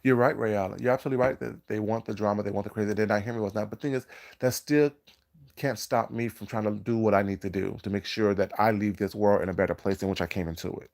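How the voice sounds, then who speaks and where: A man hosting a live stream, talking in a groggy morning voice in a drawn-out, preachy way and greeting viewers in the chat. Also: fairly low pitch, steady tone, creaky, darkish tone. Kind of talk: casual live-stream commentary.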